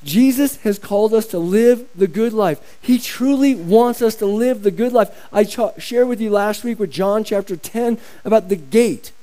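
A pastor preaching a sermon in an emphatic style, repeating phrases for stress. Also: male voice, high-pitched, moderate pace, hardly any pauses, dark tone, poor audio.

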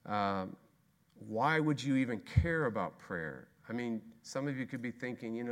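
Male pastor, sermon, mid-pitched voice, emphatic, rhetorical questions, loud-to-hushed swings. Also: lively intonation, normal speed.

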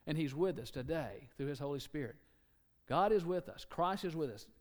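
A Southern-accented man from Alabama preaches emphatically, swinging between loud and soft and repeating key words. His voice sits on the high side with lively intonation at a normal speed.

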